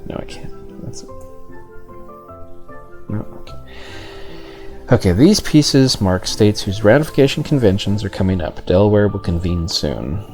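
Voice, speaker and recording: A man's voice: fairly low pitch, unhurried, pauses often, a little mellow, soft background music. A man giving casual let's-play commentary, thinking aloud and reading on-screen text. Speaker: gamer.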